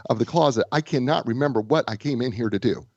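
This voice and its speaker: A man speaking as a guest author and business coach, telling stories in a lively way with frequent restarts. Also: medium pitch, quick pace, dry recording, lo-fi sound. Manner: animated storyteller, stammering restarts. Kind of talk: casual interview chat.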